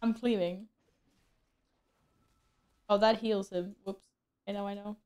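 A woman's voice: mid-range voice, fairly even intonation, slow, darkish tone, clean tone. A woman streaming a game, chatting casually with viewers, joking at her own expense and laughing often. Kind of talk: casual gameplay stream chat.

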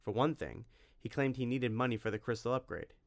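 A man narrating a storybook in an expressive reading voice. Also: medium pitch, brisk, gravelly. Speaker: audiobook narrator.

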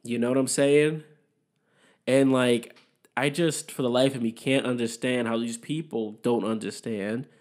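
A man's voice: mid-range voice, steady tone, a little slow, a little mellow. A young man hosting a podcast, rambling through a casual solo monologue, swearing often and giving his opinions. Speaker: podcast host.

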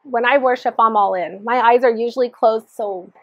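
A woman's voice: a little high, moderate pace, dry recording, lo-fi sound. A woman sharing her personal testimony in an earnest storytelling manner, re-enacting the dialogue as she recalls it.

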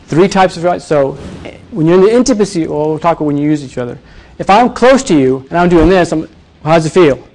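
A man teaching presentation skills to a live audience, energetic and demonstrative, often quizzing the room. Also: on the high side, brisk, a little hiss or hum. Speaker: presentation coach. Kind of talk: live workshop talk.

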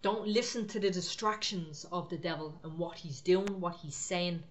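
A woman's voice: lowish voice, moderate pace. A woman preaching an encouraging prophetic sermon to online viewers, talking in short, repeated exhortations.

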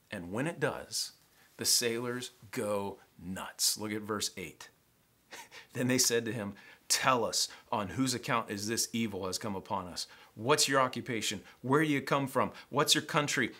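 A pastor preaching a sermon in a church sanctuary, a man with a Southern American accent who acts out scenes in an animated way. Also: on the low side, slightly rough. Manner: animated, acts out the sailors' panic in a raised voice.

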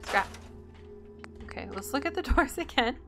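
A woman's voice: high-pitched, animated, normal speed, a bit bright, faint music behind. A woman hosting a gameplay video, chatting and thinking aloud in an indecisive, casual way. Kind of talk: casual let's-play commentary.

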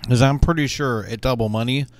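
A gaming YouTuber rambles casually while he plays, thinking out loud with plenty of fillers and restarts. His voice is medium in pitch and runs a little fast.

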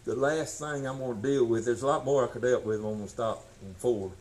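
A man preaching a sermon, folksy and emphatic, swinging from shouts to low tones. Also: fairly quick, poor audio. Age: 60s.

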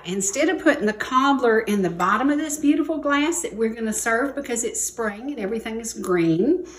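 A woman's voice: fairly high pitch, a bit bright, roomy sound, rough recording. A woman in her sixties with a Southern American accent, hosting a folksy cooking demonstration in a chatty, homespun way with emphatic repetitions. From Georgia, USA. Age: 60s. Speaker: cooking show host. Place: TV studio kitchen set.

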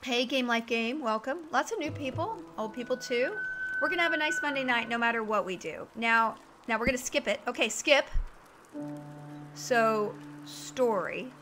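A woman's voice: on the high side, expressive, moderate pace, over music. A woman live-streaming a video game from home, chatting with viewers and reacting to the game crashing. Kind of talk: casual live-stream chat while gaming.

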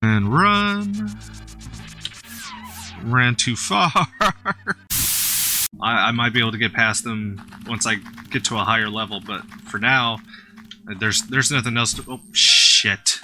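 A gaming YouTuber talks through his play in a playful, excitable way, laughing and cursing. His voice is bright and swoops up and down with a slightly raised pitch. Game music sits faintly underneath. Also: takes it slowly, long pauses. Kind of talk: casual gameplay commentary.

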